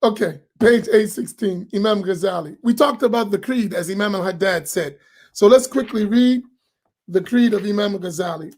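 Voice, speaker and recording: A man speaks as an imam in a relaxed talk. He tells stories in an animated, colloquial way and often laughs. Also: high-pitched, normal speed. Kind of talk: casual talk after dawn prayer.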